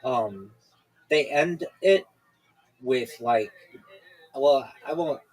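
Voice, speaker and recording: Man, podcast host, casual rambling chat, hesitant, video call, mid-pitched voice. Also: expressive, drawn-out words, breathy edge, low-quality recording. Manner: rambling, hesitant, many fillers and restarts.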